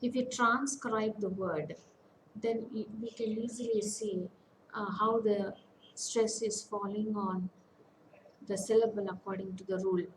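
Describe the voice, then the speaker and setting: A woman with an Indian English accent teaches an online lecture. She talks in a methodical way and repeats each example word slowly before she explains it. A faint hiss of noise sits under her voice. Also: medium pitch, fairly even intonation. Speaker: academic counsellor teaching English.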